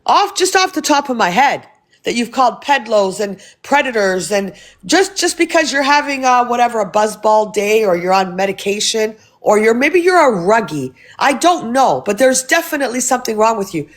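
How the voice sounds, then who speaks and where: A woman hosting a phone livestream, ranting in a heated, profane and confrontational way while thanking viewers for gifts. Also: a little high. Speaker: livestream host. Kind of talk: casual livestream rant.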